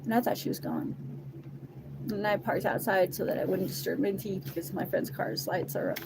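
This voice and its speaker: A woman recounts a painful personal story in raw, blunt language, swearing freely as she goes. Her voice is gravelly with plenty of vocal fry, and the recording has clear background noise. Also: mid-range voice, expressive, moderate pace. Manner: blunt and heavily profane. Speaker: person giving a personal testimony. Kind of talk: emotional first-person storytelling. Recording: noisy background.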